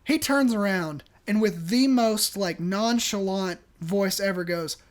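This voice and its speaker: A man co-hosting a podcast, telling a job story in an animated way and laughing often. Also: high voice, measured pace. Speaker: podcast co-host. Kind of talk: casual storytelling.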